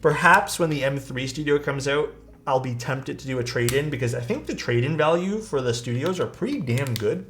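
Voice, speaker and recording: Chatting casually with his audience, a man answers questions from chat while working on a build during a live stream, relaxed and talkative. His pitch is medium, and he speaks a little fast.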